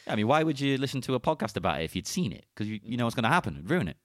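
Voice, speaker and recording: A man's voice: medium pitch, sing-song, racing, no room sound, studio quality. A man co-hosting a podcast, chatting casually with a jokey, mock-serious delivery and frequent laughs. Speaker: podcast co-host.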